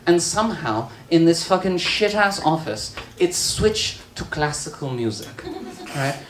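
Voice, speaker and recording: A trans woman performing a stand-up comedy set in a bar, telling stories with deadpan asides. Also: deep voice, unhurried, background noise. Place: bar with live audience. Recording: roomy bar recording with crowd laughter.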